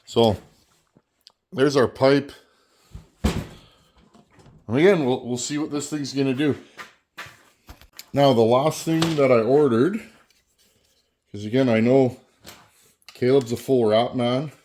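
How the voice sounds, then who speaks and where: The Canadian host of a chainsaw channel works on a saw and talks to camera in a folksy, casual way, often repeating a word as he goes. His mid-range voice is slow and darkish, with long pauses and slight background noise.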